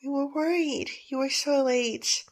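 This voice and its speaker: Woman reader voicing a caring mom, gentle and soft. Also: high voice, unhurried. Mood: worried. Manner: soft, reassuring.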